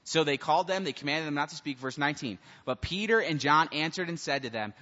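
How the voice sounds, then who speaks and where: A male youth pastor delivering a sermon with lively, swinging pitch, acting out the people in his story. His voice sits a little high for a man. It echoes with long reverb through a big hall and sounds a little dull. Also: fast, few pauses. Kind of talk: sermon to teens.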